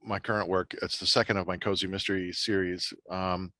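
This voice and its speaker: A middle-aged man, a podcast host and writer, talking in a casual, animated way with many restarts and fillers. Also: deep voice, fairly quick, no room sound. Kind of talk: casual chat.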